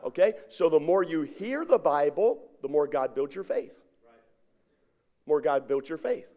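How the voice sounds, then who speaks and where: A man's voice: a little high, sing-song, unhurried, mellow, muffled recording. A middle-aged man preaching a sermon as pastor, drawing his congregation in with call-and-response questions.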